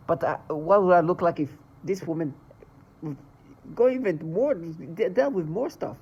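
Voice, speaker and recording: A vlogger speaking in an emotional monologue, agitated and swearing, swinging between loud bursts and low mutters. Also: lively intonation, moderate pace, husky, low-quality recording.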